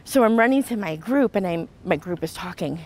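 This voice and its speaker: A woman's voice: lowish voice, expressive, fairly quick, poor audio. A woman sharing an emotional personal testimony, earnest and full of restarts and fillers. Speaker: retreat participant sharing a testimony.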